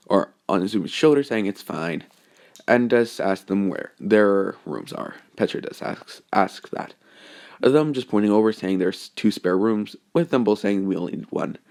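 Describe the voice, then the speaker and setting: A man's voice: lowish voice, lively intonation, normal speed, creaky, darkish tone. A young man narrating a fan story off the cuff, rambling with many fillers and self-corrections.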